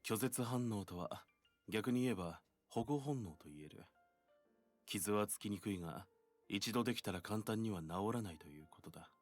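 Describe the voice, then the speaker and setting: A man voicing a composed, long-lived male vampire doctor in a brisk, matter-of-fact way in a visual novel. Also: lowish voice, lively intonation, faint music behind. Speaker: game voice actor.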